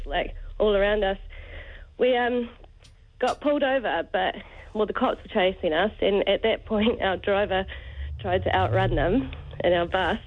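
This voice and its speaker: A New woman calling in to a radio show, telling a travel story in a rambling, hesitant way. Her mid-pitched voice comes through a thin, tinny phone line. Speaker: caller.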